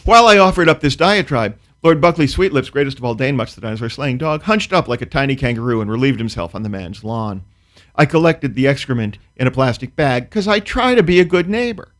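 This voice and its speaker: A man speaks at an ordinary mid-range pitch, a comedian telling a story with dry precision. His phrasing is wry and measured, and he shifts easily into relaxed chat about his work. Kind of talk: performed comic storytelling; casual talk-show chat.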